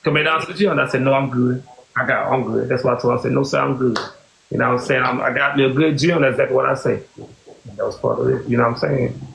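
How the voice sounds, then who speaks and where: Gravelly-voiced man telling a long story. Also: medium pitch, steady tone, quick pace, fairly bright tone. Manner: rambling, repeats "you know what I'm saying". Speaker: podcast host. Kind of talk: casual storytelling. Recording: echoey room with faint hiss.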